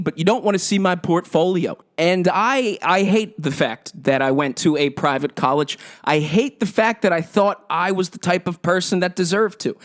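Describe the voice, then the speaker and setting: A young man hosting a solo podcast, ranting with sarcastic, profane emphasis. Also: high voice. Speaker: podcast host.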